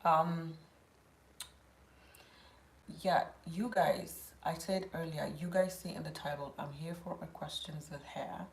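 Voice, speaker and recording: Low, gravelly woman chatting. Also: lively intonation, moderate pace, a little hiss or hum. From South Sudan. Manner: reads viewer questions aloud and answers them chattily, with firm asides. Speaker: host answering viewers' hair questions. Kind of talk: casual live Q&A.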